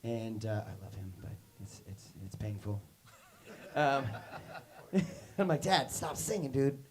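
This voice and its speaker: A man's voice: on the low side, animated, takes it slowly, darkish tone. Rambling, playful man telling stories. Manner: rambling and playful, full of "like" and "you know"; acts out quoted voices in his stories. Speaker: musician leading a workshop. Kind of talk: casual storytelling talk to young students.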